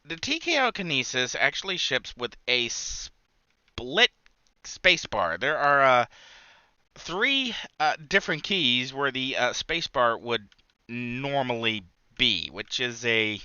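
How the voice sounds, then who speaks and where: A man's voice: medium pitch, sharp tone, clean tone, no room sound, dull audio. A man hosting a gaming channel, rambling through live gameplay commentary with lots of filler words and restarts.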